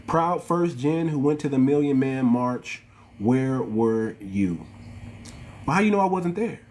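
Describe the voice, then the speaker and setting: A man's voice: fairly high pitch, normal speed, a little mellow, slight background noise. Ranting man with African American English. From United States. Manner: preachy, repetitive, addresses viewers as family. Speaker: channel host. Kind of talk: ranting livestream monologue.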